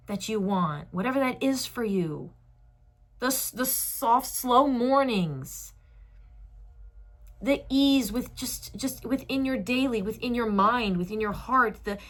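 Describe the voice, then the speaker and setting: Slow, bright-voiced woman giving oracle encouragement. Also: fairly high pitch. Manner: slow, soft, affectionate, emotional encouragement. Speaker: tarot reader. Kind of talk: channeled oracle message to viewer.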